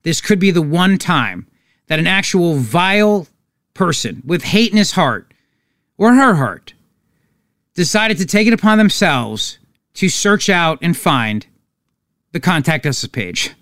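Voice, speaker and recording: A man's voice: high voice, big pitch swings, a little slow, pauses often, a bit bright, dry recording, clean studio sound. A man hosting a political talk show, sarcastic and mocking in his commentary. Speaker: talk radio host.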